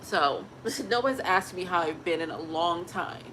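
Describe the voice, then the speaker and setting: A woman's voice: fairly low pitch, lively intonation, measured pace, bright, forceful tone, a little hiss or hum, low-quality recording. A pregnant woman chatting candidly to her viewers on a phone, earnest and rambling, often laughing mid-sentence. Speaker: family vlogger. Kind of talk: candid casual chat to viewers.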